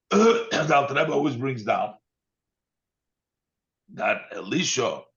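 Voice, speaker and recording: A rabbi teaching a text at an unhurried pace, reading Hebrew phrases and then explaining each one in plain English. His voice sits in a middle pitch, and the recording sounds somewhat dull and lo-fi. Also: very animated, creaky, a bit bright. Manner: reads Hebrew lines then translates, with fillers. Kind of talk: text study lesson.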